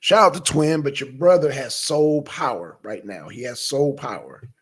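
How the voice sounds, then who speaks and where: Hosting a live stream, this man chats casually with his viewers in a mid-range voice at a moderate pace, with a breathy edge. He reads chat names aloud and fires off questions. He's animated, shouts out questions in bursts, and mutters to himself.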